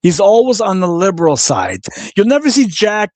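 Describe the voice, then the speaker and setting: A man's voice: sits high, very animated, normal speed, a little mellow, no room sound. A man hosting a livestream, ranting angrily and cursing, repeating his insults and reading viewer comments aloud. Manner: profane and combative, repeats insults. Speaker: livestream host. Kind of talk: angry livestream rant.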